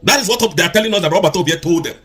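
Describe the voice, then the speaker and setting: A man's voice: sits high, expressive, racing, fairly bright tone, soft background music. A man giving an impassioned political speech, driving his points home with repeated rhetorical questions. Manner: fiery, repetitive rhetorical questions. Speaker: activist speaker.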